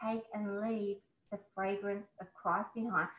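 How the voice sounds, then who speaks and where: A woman being interviewed, talking in an animated, emotional way and often breaking into exclamations. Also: medium pitch, a little slow. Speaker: interview guest, business owner. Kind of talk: casual interview chat. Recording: echoey, slightly dull recording.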